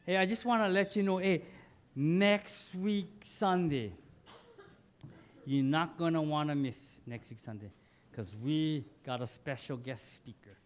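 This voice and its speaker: A man's voice: on the high side, measured pace. A man preaching a sermon as pastor, conversational, asking his congregation questions and building to emphatic lines.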